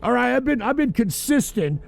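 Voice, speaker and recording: A tipsy man hosting a call-in livestream, ranting loudly and profanely. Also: very high voice, sing-song, normal speed, gravelly. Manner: loud, profane, rambling rant. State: drinking, tipsy. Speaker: host of a call-in livestream show.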